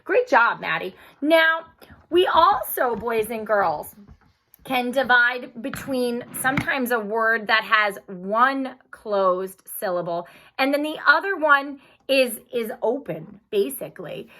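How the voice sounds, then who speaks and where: Woman teacher, bright, higher voice, slow, clear and encouraging for young pupils. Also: lively intonation. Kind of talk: online phonics lesson.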